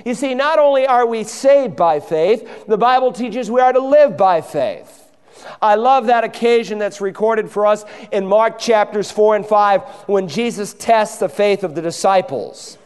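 A man's voice: high voice, moderate pace, smooth, long reverb tail. A man preaching a sermon from a church pulpit, driving his points home and acting out the voices in the stories he tells. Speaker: pastor. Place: church sanctuary.

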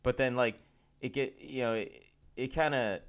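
A man's voice: mid-range voice, normal speed, clear, resonant tone. A man co-hosting a casual faith podcast, speaking in a candid, self-deprecating and earnest way. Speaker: podcast co-host.

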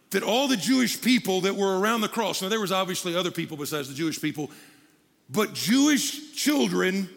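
Man, pastor, high bright voice, animated sermon, hall reverb. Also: vocal fry. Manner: animated preaching, jokey asides to the crowd. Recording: long hall reverb from a large room.

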